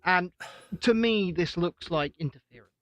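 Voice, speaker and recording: Blunt, swearing male co-host, high and sharp-toned, dry close sound. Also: moderate pace, no room sound, highs cut off. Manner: blunt, opinionated, swears freely. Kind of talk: irreverent casual chat.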